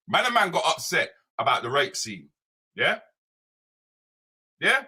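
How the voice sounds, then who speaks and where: Ranting British man, bright husky voice. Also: fairly high pitch, very animated, a little slow. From Britain. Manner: emphatic, repeats phrases, asks "yeah?" and "right?" constantly. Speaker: comedian and social commentator hosting a live show. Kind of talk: animated solo rant. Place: home, streaming live online.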